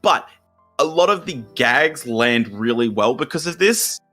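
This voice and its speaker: Bright-voiced Australian man ranting. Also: mid-range voice, animated, unhurried, soft background music. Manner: rants with swearing, explains at length. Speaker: podcast co-host. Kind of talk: casual chat.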